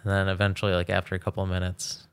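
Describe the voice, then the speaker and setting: Deep gravelly man, laid-back. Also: completely flat delivery, racing, a bit bright. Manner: laid-back storyteller, lots of fillers. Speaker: podcast co-host. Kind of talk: casual chat.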